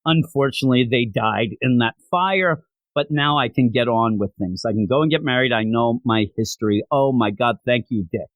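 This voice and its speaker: A man's voice: medium pitch, moderate pace, dry recording, lightly acted. A man voicing an earnest young woman hero who gushes with gratitude while he retells a comic story on a podcast. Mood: relieved.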